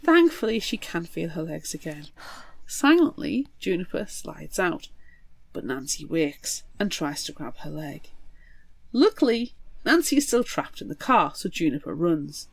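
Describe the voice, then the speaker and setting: A woman co-hosting a book podcast, retelling a horror novel in a lively, swearing, dramatic way. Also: on the low side, measured pace, vocal fry, husky, no echo. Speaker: podcast co-host. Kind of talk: casual book recap chat.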